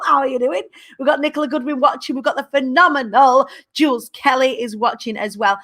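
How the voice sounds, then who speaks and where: A woman's voice: high voice, a bit bright. A bubbly, chatty woman in her thirties, hosting a live show and talking playfully with her viewers. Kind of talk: live-stream chat with viewers.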